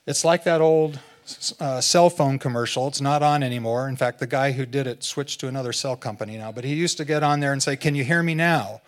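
Guy preaching a sermon, mid pitch, chatty and easygoing, slows down on the big points. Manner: conversational, slows down for emphasis. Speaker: guest preacher.

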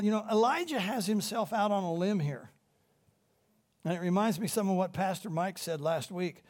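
High-voiced man preaching animatedly. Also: moderate pace. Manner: animated storytelling, swings between loud emphasis and hushed tones. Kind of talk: sermon.

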